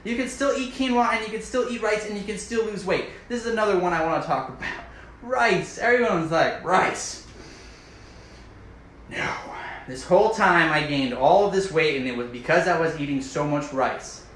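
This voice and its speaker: A man's voice: high-pitched, a little fast, a bit bright. Emphatic, playful man in an echoey room. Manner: emphatic, repetitive, playfully enthusiastic. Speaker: health vlogger. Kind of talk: casual to-camera advice talk. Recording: echoey room with faint ambient noise.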